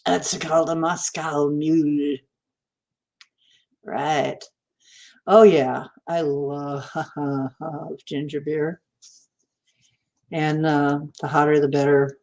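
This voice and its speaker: A woman's voice: deep voice, fairly even intonation, slow, long pauses, darkish tone. A woman hosting a livestream, chatting casually with viewers, laughing often and greeting them by name. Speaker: livestream host. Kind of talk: casual chat with live viewers.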